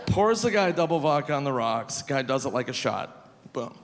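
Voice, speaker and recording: A male stand-up comedian performing live on stage, animated and shouting his punchlines high. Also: normal speed, slight background noise. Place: large live comedy venue. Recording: live hall with long reverb, faint crowd ambience.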